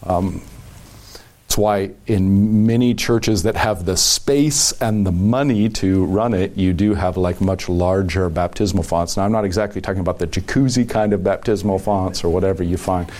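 A man's voice: low voice, darkish tone. A man, a pastor giving long, thoughtful answers in a casual podcast chat, with frequent chuckles. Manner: thoughtful, rambling, chuckling often.

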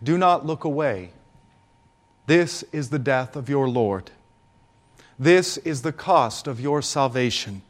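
A man preaching a Good Friday homily with solemn, deliberate delivery and dramatic pauses. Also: mid-range voice, expressive.

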